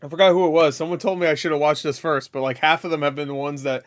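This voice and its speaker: A man's voice: fairly high pitch, steady tone, racing. A man hosting a reaction video, rambling and swearing as he comments on what he watches, laughing often. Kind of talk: casual commentary over a video.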